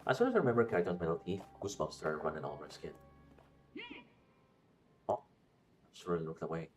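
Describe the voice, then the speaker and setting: A man's voice: sits low, sing-song, brisk. A man streaming a game, reading its story text aloud and talking back to the characters with swearing and jokes. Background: game music.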